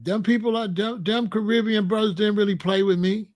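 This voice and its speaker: A man's voice: high-pitched, steady tone, brisk, darkish tone. A man from Chicago, hosting his show, telling a story in a casual, slangy monologue and acting out the other people's lines. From Chicago, USA. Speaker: show host.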